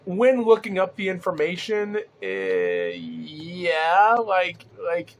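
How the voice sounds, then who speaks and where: A man hosting a rambling solo podcast, talking excitably with lots of fillers and restarts, his throat sore and groggy and his breath short. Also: on the high side, slow pace, hardly any pauses. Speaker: podcast host. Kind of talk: solo casual podcast commentary.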